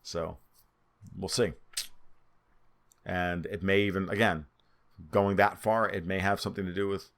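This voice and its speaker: A man's voice: low-pitched, fairly even intonation, a little slow, pauses often, fairly bright tone. A man with a New York accent and a nasal voice, talking through market charts in a twitchy, off-the-cuff way. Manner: twitchy, spitballing, restarts often. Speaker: market commentator. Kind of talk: solo market analysis over charts.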